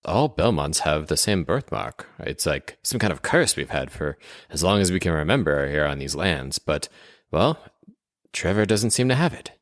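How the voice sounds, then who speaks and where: A worried noble mother, as a man voices her, in a low voice that stays close to his own, explaining things plainly. It is a tabletop role-play recorded close and dry. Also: very animated, normal speed, no echo. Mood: puzzled.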